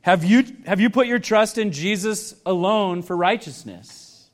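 A man's voice: high voice, measured pace. A male pastor preaching a sermon earnestly, building emphasis with repeated questions to the congregation.

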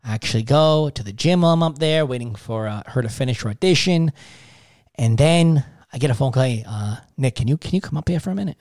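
A man telling a story in casual chat, swearing often and animated. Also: mid-range voice, fast talker, dry recording, studio quality. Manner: profane, animated storytelling with frequent cursing. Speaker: podcast guest telling a story.

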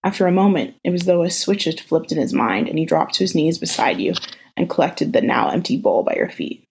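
A woman hosting a podcast, reading a romance story aloud in an even, intimate way. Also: fairly low pitch, brisk, creaky, breathy edge. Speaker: podcast host reading fan fiction.

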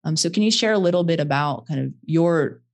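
Thoughtful woman hosting a podcast. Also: deep voice. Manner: thoughtful, slow, searching for words. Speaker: podcast host. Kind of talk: interview questions.

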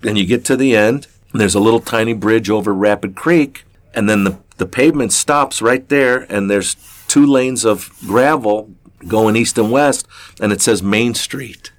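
A man's voice: on the low side, moderate pace. An older man from southern Ohio, an interview guest telling a long personal story in a rambling, folksy way full of fillers and restarts. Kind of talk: casual storytelling.

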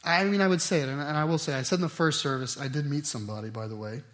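A middle-aged man preaching a sermon, animated, swinging between loud emphatic stretches and quiet asides. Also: on the high side, rapid-fire. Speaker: pastor.

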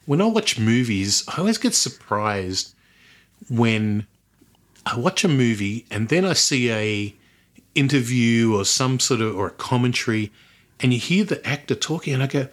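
A man's voice: mid-range voice, expressive, normal speed. A man hosting a film podcast, chatting casually, rambling and laughing easily. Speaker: podcast host.

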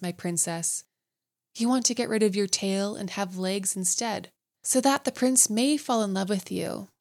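A woman's voice: mid-range voice, close to an everyday voice. A woman voicing a scheming, mocking female sea witch who makes an ominous bargain in a storybook reading.

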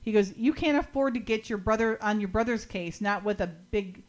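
A woman's voice: mid-range voice, moderate pace. A woman hosting a podcast, casually recapping a TV episode and quoting the characters with light acting and frequent laughs. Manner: quotes characters in lightly acted lines, laughs often. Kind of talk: casual chat, retelling scenes.

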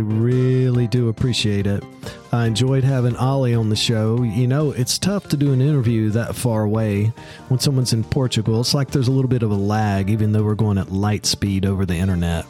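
A man's voice: lowish voice, brisk, darkish tone, soft background music. Southern man hosting a podcast. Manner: friendly, chatty, with laughs. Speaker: podcast host. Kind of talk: casual podcast interview.

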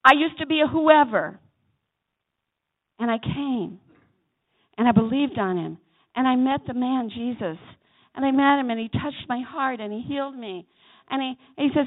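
A woman preacher delivering a sermon in a church chapel, swinging between loud exhortation and soft asides and calling on the congregation to answer. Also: sits high, moderate pace, long pauses. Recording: tinny phone-like sound.

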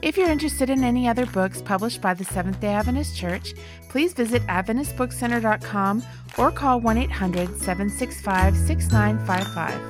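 Woman announcer over loud music. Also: on the high side, normal speed. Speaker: podcast announcer. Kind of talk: scripted outro announcement.

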